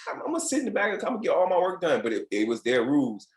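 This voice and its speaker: Fast-talking man in a roomy space. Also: on the high side, wildly swooping pitch. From United States, Virginia. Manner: candid, profane, reenacts quotes in other voices. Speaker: podcast guest, former basketball player. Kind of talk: casual storytelling interview.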